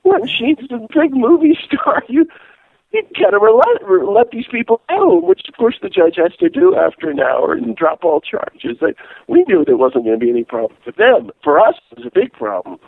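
Animated storytelling man on a tinny line. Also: extremely high pitch, moderate pace, creaky, breathy edge, no echo. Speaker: guest, peace activist and priest. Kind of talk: casual storytelling interview.

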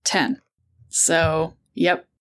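A woman's voice: deep voice, fairly even intonation, extremely slow, a bit bright. A woman player in a tabletop game, describing her character hesitantly with many fillers.

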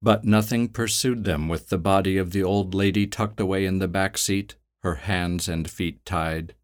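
A man with a very deep, low voice reads a scripted story aloud. His delivery is measured and steady, in the manner of an audiobook narrator.

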